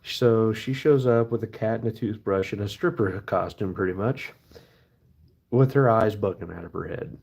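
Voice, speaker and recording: A man's voice: fairly low pitch, moderate pace, vocal fry, darkish tone, slightly rough. A man hosting a livestream, telling a rambling story in a casual way, swearing and using plenty of asides. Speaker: livestream host.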